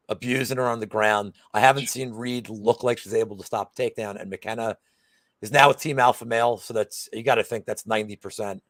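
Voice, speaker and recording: A man's voice: medium pitch, no echo. A man co-hosting a betting show in casual chat, rambling with lots of fillers and restarts.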